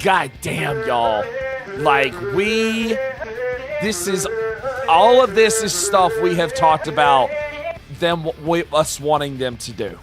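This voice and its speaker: A man with a bright, forceful voice sitting a little above the usual male pitch talks to his stream chat, swearing freely and shouting with excitement. He drops to quieter, heartfelt asides between whoops, and faint music plays behind him in his home streaming room. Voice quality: loud, profane, hyped-up delivery. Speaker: live-streamer reacting to game announcements.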